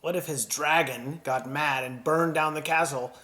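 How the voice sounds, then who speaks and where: A man with a fairly high voice teaches puppetry to children in a gentle, encouraging tone. He talks them through each step calmly. He often breathes and sighs aloud to show them how the puppet should feel. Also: normal speed. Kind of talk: instructional lesson for children.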